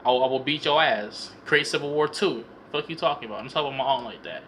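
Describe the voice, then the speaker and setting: A young man with a bright, forceful voice rambles through a casual film recap, full of slang and swearing. He stumbles and repeats words as he talks, at a middle pitch for a man. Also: fast talker, slight background noise. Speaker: vlogger reviewing a film. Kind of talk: casual profane comedic movie recap.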